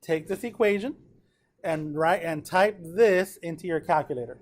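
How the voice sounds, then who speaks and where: A man's voice: on the high side, normal speed. A man teaching a math class in a classroom, talking casually and checking in with his students often. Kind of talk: classroom lecture.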